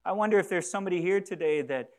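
A man preaching a sermon as a pastor, earnest, repeating phrases and swinging between soft and loud for emphasis. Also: high-pitched, fast talker.

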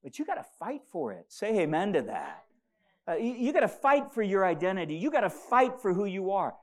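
A man's voice: high voice, wildly swooping pitch, brisk. A man preaching a sermon as pastor, often repeating and stumbling over words and having the congregation say verses aloud with him.

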